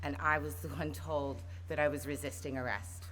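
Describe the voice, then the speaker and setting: A woman's voice: sits low, fairly even intonation, normal speed, a bit bright, slight background noise. A woman giving an earnest personal speech at an outdoor protest rally, building to impassioned calls. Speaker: protest speaker.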